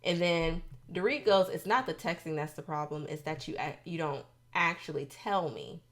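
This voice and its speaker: A woman hosting a casual reality TV recap, expressive and sassy, throwing in quick asides. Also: low voice.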